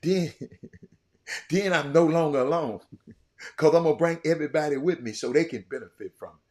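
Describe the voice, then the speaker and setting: An older man giving an impassioned monologue as a show host, repeating himself and swinging between loud outbursts and quiet, reflective stretches. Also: fairly high pitch, normal speed. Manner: fiery, repetitive, swinging from shouting to quiet.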